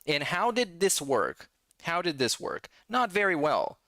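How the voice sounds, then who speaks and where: A man's voice: fairly high pitch, sing-song, a little slow, sharp tone, dry recording. A man hosting a casual reaction commentary, talking in a sarcastic, mocking way. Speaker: commentary channel host.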